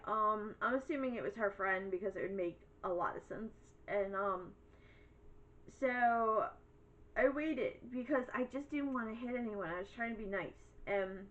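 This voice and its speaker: A woman's voice: mid-range voice, fairly bright tone, muffled recording. Blunt, ranting woman vlogger. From Italian heritage. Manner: blunt, sarcastic and exasperated, fast rambling asides. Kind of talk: casual storytime rant.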